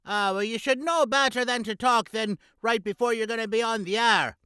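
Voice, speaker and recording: Guy playing a squeaky bossy sidekick character, crisp dry sound, snappy banter. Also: normal speed, no room sound. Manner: bossy, sharp-tongued banter. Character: high-pitched cranky male comic sidekick. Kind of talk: comic radio sketch intro.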